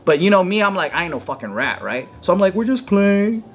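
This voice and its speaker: A man telling a story in casual chat, animated, swearing freely and acting out quotes in a raised voice. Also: fast talker, husky. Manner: animated, swears a lot, acts out quotes in a higher voice. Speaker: podcast guest.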